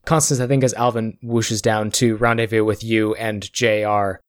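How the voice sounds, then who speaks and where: A man's voice: on the low side, moderate pace, no echo. Dry-voiced man narrating as game master. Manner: calm, descriptive narration.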